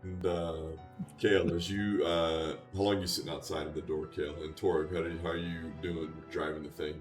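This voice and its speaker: A man narrating a tabletop game as game master, relaxed and filling pauses with "uh". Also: low-pitched, reverberant, faint music behind. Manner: relaxed, with frequent "uh" fillers.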